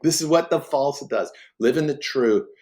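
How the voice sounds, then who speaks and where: A man's voice: fairly high pitch, darkish tone. A man, a guest speaker, giving a conversational faith teaching in an earnest, emphatic way, often restarting his sentences. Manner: earnest and emphatic, with frequent restarts and quick laughs.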